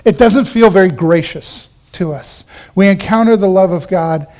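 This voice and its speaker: High-voiced man preaching a lively sermon. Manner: animated preaching, acts out the Bible characters in quick asides. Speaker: pastor.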